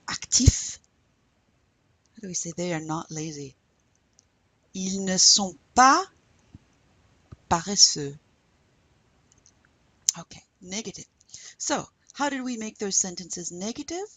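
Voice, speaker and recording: A middle-aged woman teaching a recorded French lesson, patiently explaining step by step and saying French phrases slowly for her students. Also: medium pitch, bright, forceful tone, slightly rough, no echo, low-quality recording.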